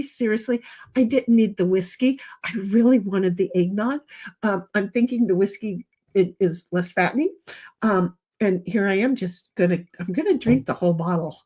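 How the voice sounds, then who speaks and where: A middle-aged woman hosting a casual livestream, telling rambling stories and checking in with her listener. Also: mid-range voice. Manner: chatty, rambling, animated, checks in with "okay?". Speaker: livestream host. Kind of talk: casual storytelling chat.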